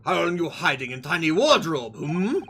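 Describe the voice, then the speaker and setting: Dude doing a bad fake russian accent, gruff sailor threatening people, hammy. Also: male voice, on the high side, very animated, normal speed, pushed and bright, a little hiss or hum, exaggerated voice. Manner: exaggerated, mock-threatening.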